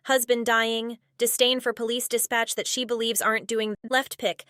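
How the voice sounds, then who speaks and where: A woman's voice: fairly high pitch, level tone, normal speed, a bit bright, clear, resonant tone, no room sound, clean studio sound. A woman narrating a commentary video in a blunt, sarcastic scripted voice-over. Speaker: commentary YouTuber.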